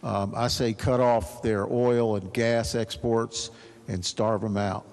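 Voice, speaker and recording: A man's voice: fairly low pitch, flat delivery, slow, a little mellow. A man making blunt, indignant floor remarks as a state senator. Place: legislative chamber. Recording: echoey legislative chamber.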